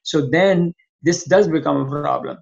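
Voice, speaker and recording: A man's voice: a little high, measured pace, creaky, a little mellow. An older man, a physician guest in an interview, telling long stories and acting out both sides of past conversations. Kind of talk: interview storytelling. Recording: dull lo-fi sound.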